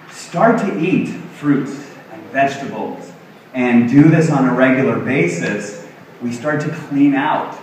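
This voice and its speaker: A man's voice: mid-range voice, slight background noise. Earnest middle-aged man in echoey hall. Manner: earnest, self-deprecating, acts out quotes. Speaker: health coach speaker. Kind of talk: motivational stage talk. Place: large expo hall stage. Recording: very echoey hall, distant mic.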